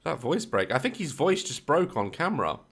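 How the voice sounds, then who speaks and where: Man, reaction video host, casual commentary, sarcastic jokes, bright tone, very animated pitch. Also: fairly quick, breathy edge, soft background music. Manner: sarcastic, joking, mocking asides. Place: home office.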